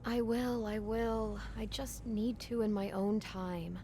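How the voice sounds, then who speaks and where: A woman's voice: a little high, fairly even intonation, slow pace, warm tone. An actress playing a nervous, secretive young woman working a hotel front desk in a video game, talking hesitantly and defensively. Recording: game audio over ambient noise.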